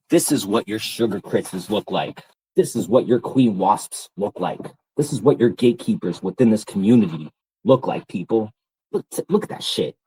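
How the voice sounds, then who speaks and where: A man's voice: lowish voice, a little mellow, breathy edge, rough recording. A man streamer on a live-stream rant, angry, profane and taunting.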